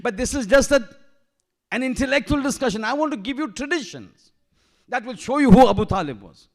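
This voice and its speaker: A shaykh preaches in a mosque with a strikingly high-pitched male voice. He presses his points with rhetorical questions and drops in Arabic terms and verses as he goes. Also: expressive, a little fast. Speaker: shaykh giving a majlis lecture. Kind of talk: sermon.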